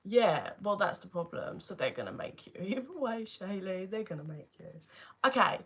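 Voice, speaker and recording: A young woman with a London accent giving a tarot reading on a live stream from her phone. She chats casually, swears now and then and speaks to viewers by name. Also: mid-range voice. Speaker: tarot reader.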